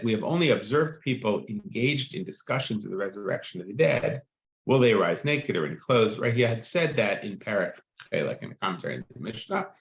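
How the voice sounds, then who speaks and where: A man teaching a text-study class, reading passages aloud and explaining them in a chatty way, checking in with "right?" as he goes. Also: on the low side. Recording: muffled, echoey room.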